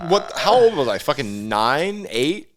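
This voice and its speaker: A man's voice: a little high, very animated, unhurried. A young man co-hosting a podcast, laughing along and poking fun at himself, swearing casually. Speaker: podcast co-host. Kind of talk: casual chat.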